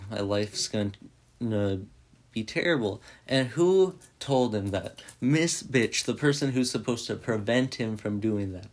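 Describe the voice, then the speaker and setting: Man, lowish voice, slow unhurried delivery, loose rambling recap with swearing. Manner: rambling, heavy with "like" fillers, swears freely. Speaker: movie reviewer. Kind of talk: casual spoken movie recap.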